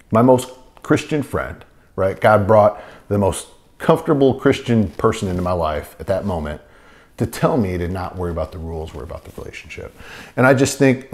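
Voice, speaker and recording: A man tells his conversion story in an earnest, meandering way, circling back and restarting his sentences as he goes. His voice sits a little low for a man, unhurried and plain. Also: creaky, darkish tone. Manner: earnest, rambling storytelling with many fillers and restarts. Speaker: testimony speaker. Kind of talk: personal faith testimony.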